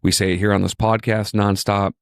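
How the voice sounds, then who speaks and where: A man's voice: on the low side, level tone, fairly quick, clean tone, no echo, clean studio sound. A man from Virginia, a podcast host, chatting casually and telling stories with enthusiasm and plenty of repetition. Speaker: injury lawyer, podcast host.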